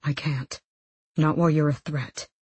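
A woman reading an audiobook, voicing a stern, grave young male soldier who speaks low and quietly. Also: animated, a little slow, slightly rough, dry recording, exaggerated voice.

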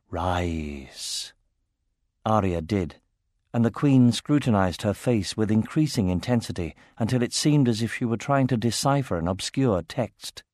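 A man narrating a fantasy novel in a steady, measured reading voice. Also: lowish voice, dry recording, clean studio sound.

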